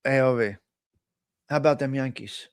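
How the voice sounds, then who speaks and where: A man's voice: medium pitch, normal speed, clear, resonant tone, dry recording, studio quality. A man hosting a casual live stream, talking bluntly with a lot of profane trash talk. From Italian American. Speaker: host.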